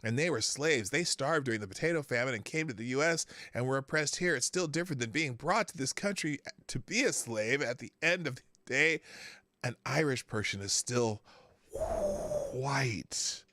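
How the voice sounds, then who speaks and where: A man hosting a live-stream show, casually reading out viewer comments and reacting to them in a chatty, animated way. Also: mid-range voice, moderate pace, no echo. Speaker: livestream show host.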